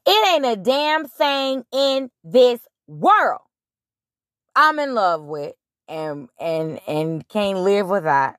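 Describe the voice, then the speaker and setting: Woman host, unhurried delivery, dry close sound, blunt and profane. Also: mid-range voice, dry recording. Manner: animated, blunt, profane, retelling scripture in her own words. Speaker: podcast host. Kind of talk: casual spiritual monologue.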